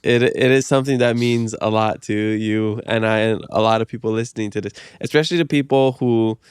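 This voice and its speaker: A man's voice: lowish voice, steady tone, brisk, smooth, no echo, clean studio sound. A man from Hawaii who hosts a podcast and talks in an easygoing, encouraging way, with lots of "you know". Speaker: podcast host. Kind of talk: casual interview chat.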